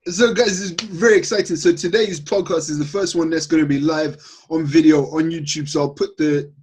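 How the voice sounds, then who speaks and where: A man's voice: on the high side, steady tone, a little fast, a little mellow, husky. A man hosting a podcast, chatty and upbeat as he welcomes guests and asks questions. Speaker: podcast host.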